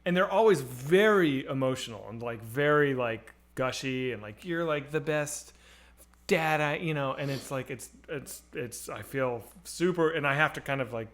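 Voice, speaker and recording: A man's voice: medium pitch, normal speed, hardly any pauses, fairly bright tone. A man co-hosting a livestreamed talk show, chatting casually and rambling with many fillers and restarts. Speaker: podcast co-host. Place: home streaming setup.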